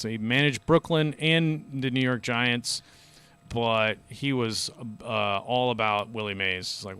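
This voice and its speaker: A man's voice: mid-range voice, sharp tone, smooth. A man hosting a podcast, telling stories in a loose, rambling, chatty way. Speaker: podcast host. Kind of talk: casual podcast chat.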